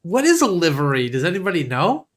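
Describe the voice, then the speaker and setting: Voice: medium pitch, huge pitch swings, fast. A co-host casually riffing on a film, curious and asking questions. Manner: curious, asks questions, laughs along. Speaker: comedy podcast co-host.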